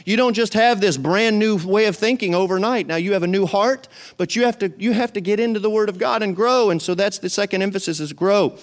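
A man preaching a sermon in a church. His voice is fairly high for a man, smooth and clear, and he drives his points home by repeating them. He keeps calling on the congregation to answer back. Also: brisk, hardly any pauses. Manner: preaching with rising emphasis and repetition; calls the congregation to respond. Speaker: pastor. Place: church sanctuary.

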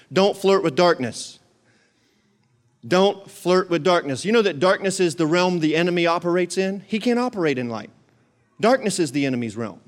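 A male pastor preaching a sermon, emphatic and repetitive, leading the congregation in call-and-response. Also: high-pitched.

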